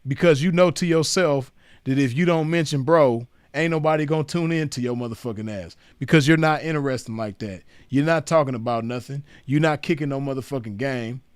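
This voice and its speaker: A man's voice: medium pitch, a little fast, smooth, no room sound, clean studio sound. A man in a casual monologue to the camera, mocking someone in laid-back, profane street slang, filling his talk with "man" and "you know what I mean". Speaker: commentator.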